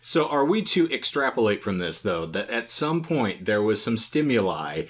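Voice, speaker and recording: A man's voice: lowish voice, sing-song, moderate pace. A young man co-hosting a podcast, trading dry, teasing wisecracks in casual chat. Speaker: podcast co-host.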